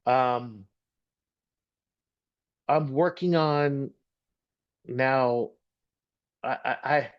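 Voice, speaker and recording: A middle-aged man from Texas tells his personal testimony in an earnest, halting way, sometimes repeating a word while he finds the next thought. His voice sits at a mid-range pitch. The recording is dull and lo-fi. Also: clean tone. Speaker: guest speaker.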